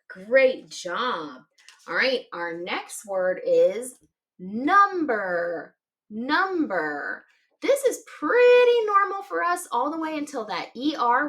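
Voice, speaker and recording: Woman phonics teacher for kids, a fairly high, very animated voice, slow and patient. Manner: slow, sing-song spelling out letters, cheerful praise. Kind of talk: children's reading lesson.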